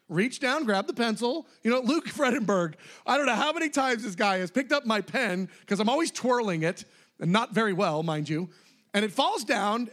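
A male pastor giving a casual, conversational sermon. His high voice leaps around with lively pitch. He swings between loud, excited bursts and quiet, hushed asides.

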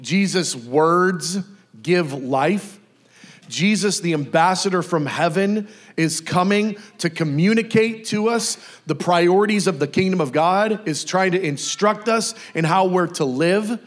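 A man giving a casual, conversational sermon, often acting out lively bits of dialogue. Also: high-pitched, unhurried. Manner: casual, animated, acts out dialogue. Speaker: preacher.

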